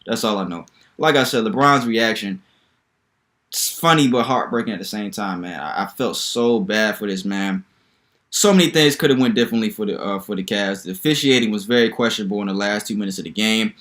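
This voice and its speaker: A young man hosting a solo basketball commentary video, talking in an animated, incredulous, rambling way with lots of repetition. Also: lowish voice, brisk. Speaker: sports video host.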